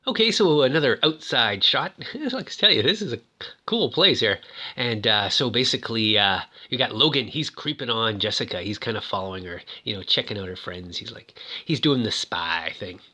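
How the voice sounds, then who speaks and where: Chatty man with a lively voice. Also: medium pitch, moderate pace. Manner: rambling, lots of fillers and "like". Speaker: toy reviewer. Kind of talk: casual chat.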